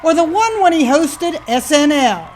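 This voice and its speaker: High-pitched lady news reporter, playful scripted entertainment story. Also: big pitch swings, unhurried, over music.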